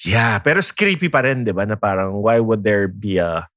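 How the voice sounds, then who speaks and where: A man's voice: on the low side, fairly quick, dry recording. Filipino man telling a story, dry sound. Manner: animated, code-switching, frequent filler tags. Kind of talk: casual storytelling chat.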